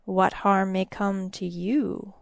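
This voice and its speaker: A woman doing a slow, hissing old priest. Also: mid-range voice, little pitch movement, vocal fry, no room sound. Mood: ominous. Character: old male priest, fierce and ominous.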